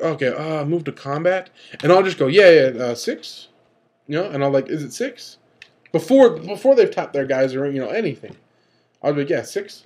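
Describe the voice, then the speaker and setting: A young man hosting a casual vlog, talking in a rambling, animated way and acting out what other players say. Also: on the high side. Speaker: vlog host.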